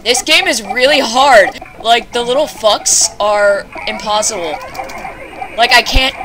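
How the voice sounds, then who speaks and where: A woman's voice: a little high, measured pace, background noise. A young woman commenting on a game she is playing. She curses often and shrieks in panic at enemies. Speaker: let's play gamer. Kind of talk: casual gameplay commentary.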